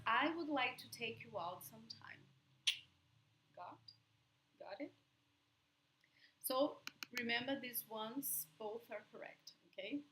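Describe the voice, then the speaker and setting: A young adult woman with a Brazilian Portuguese accent, a native Portuguese speaker giving a language lesson in a slow, careful way and laughing often. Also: fairly high pitch, a bit bright, slight background noise, low-quality recording. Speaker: language teacher.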